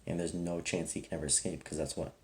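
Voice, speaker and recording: A man's voice: deep voice, little pitch movement, fast, a little hiss or hum. A young man telling a personal testimony in a casual, rambling, earnest way, leaning heavily on "like". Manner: rambling, heavy use of "like", earnest.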